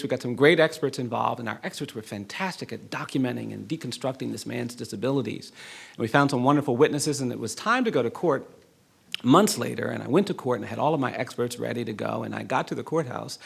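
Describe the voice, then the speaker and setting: A middle-aged man, a law professor, gives a public lecture and tells a personal story in an earnest, measured way with rising emphasis. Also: medium pitch, gravelly, slightly rough. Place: lecture hall.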